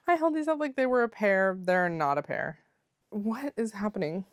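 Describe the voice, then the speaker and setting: A woman's voice: medium pitch, normal speed, dry recording. A woman chatting casually as a knitting vlogger, rambling with lots of filler words and calling her viewers besties. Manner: playful, calls viewers besties. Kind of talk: casual chat. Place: at home.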